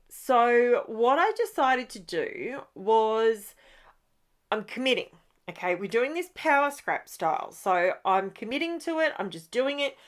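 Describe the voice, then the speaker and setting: A woman hosting a crafting video, chatting casually as she works and often wandering off track. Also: on the high side. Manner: rambling, self-interrupting, chatty. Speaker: crafting channel host.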